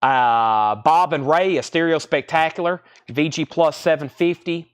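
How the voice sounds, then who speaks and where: A young man hosting a live record sale, rambling casually between quick price call-outs. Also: a little high, smooth. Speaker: record store host running a live sale. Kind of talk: casual livestream sales patter.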